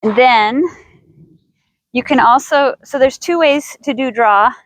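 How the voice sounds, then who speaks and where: A woman's voice: sits high, slow, no room sound, low-quality recording. A woman horse trainer teaching outdoors in a riding arena, chatty and thinking aloud with restarts as she coaxes her horse.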